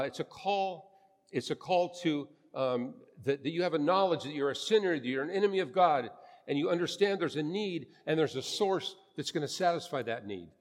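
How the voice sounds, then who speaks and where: A man's voice: a little high, long reverb tail. A man preaching a sermon as a pastor, earnest and emphatic, repeating his phrases for weight.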